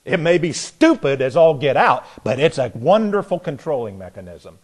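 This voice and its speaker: A man preaching a sermon in a folksy, sarcastic way, acting out imagined voices in quotes and getting louder on his punchlines. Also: on the high side, very animated, normal speed, breathy edge.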